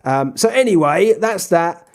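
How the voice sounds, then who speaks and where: A man's voice: high-pitched, measured pace, vocal fry. Chatty man commentating a game. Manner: chatty, bursts into excited shouting over goals. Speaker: gaming YouTuber. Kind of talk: casual Let's Play commentary.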